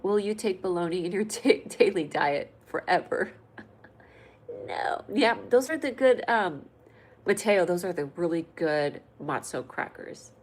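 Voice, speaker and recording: A California woman hosts a comedy livestream, reading comments and chatting with viewers in a playful, joking way that gets lively and loud at times. Her voice is on the low side at a measured pace, and the audio is poor.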